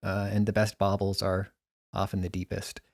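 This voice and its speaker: A man's voice: low voice, completely flat delivery, moderate pace, no room sound, clean studio sound. A man chatting casually on a podcast, rambling with lots of restarts and fillers. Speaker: podcast producer and guest. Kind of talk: casual chat.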